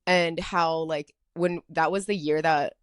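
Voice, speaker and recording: A young woman hosts her podcast alone, rambling through a personal story and filling every pause with "like". Her voice sits a little low for a woman. The sound is dry and close, with no room in it. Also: steady tone, smooth, dry recording. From Atlanta, US. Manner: chatty, rambling, heavy filler "like". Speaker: podcast host. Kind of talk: casual solo storytelling.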